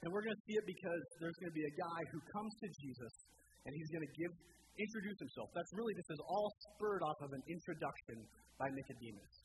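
A man's voice: a little high, expressive, quick pace, slight background noise, low-quality recording. A young man in his twenties preaching a casual sermon, talking conversationally and asking rhetorical questions. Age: 20s.

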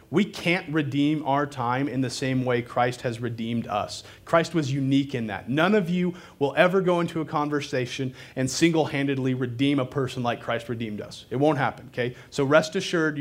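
A man delivers a sermon in a relaxed, conversational way, weaving in casual fillers and jokes at his own expense. His voice sits at an ordinary middle pitch. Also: moderate pace, few pauses. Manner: conversational and loose, with fillers and self-deprecating asides. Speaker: preacher. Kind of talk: sermon to a live congregation.

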